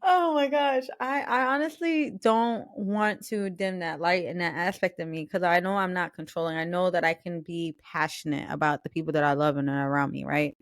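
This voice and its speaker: Young woman co-host, slightly low voice, supportive and reflective, dry recording. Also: steady tone, moderate pace, few pauses, no echo. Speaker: podcast co-host. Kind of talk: casual chat.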